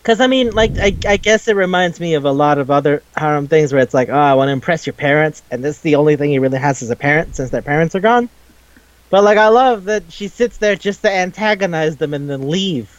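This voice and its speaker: A man with a fairly high voice, chatting casually as co-host of a podcast. He rambles, gets excited easily and swears freely. The recording sounds dry and a little dull. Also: fairly quick, no room sound. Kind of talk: casual chat.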